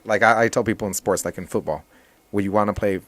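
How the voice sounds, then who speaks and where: A man with a very low voice, talking casually as a podcast guest. He rambles in a relaxed way, restarting his sentences and filling pauses as he explains how he teaches. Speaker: jiu-jitsu instructor and guest.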